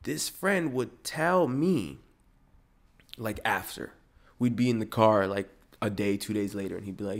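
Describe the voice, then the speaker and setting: Profane, animated young man ranting. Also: fairly low pitch, unhurried. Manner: animated, profane, jumps into mocking voices. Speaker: podcast host. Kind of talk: casual ranting monologue.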